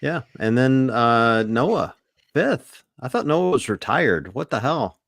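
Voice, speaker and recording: A man co-hosting a podcast, telling relaxed, rambling stories in casual chat, full of fillers. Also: medium pitch, takes it slowly, dry recording, studio quality. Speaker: podcast co-host.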